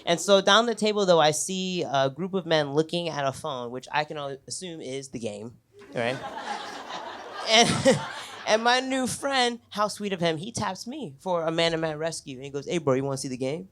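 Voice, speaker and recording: A man's voice: fairly high pitch, animated, moderate pace, fairly bright tone. A young man telling a stand-up story on a club stage, talking conversationally, chuckling between lines and swearing freely. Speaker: stand-up comedian. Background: audience laughter.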